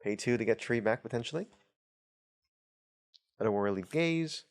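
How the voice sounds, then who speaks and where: A man's voice: medium pitch, lively intonation, normal speed. A man hosting a casual card-opening video, reading card text aloud with wry, chatty asides. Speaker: host of a tabletop channel. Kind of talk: casual unboxing commentary.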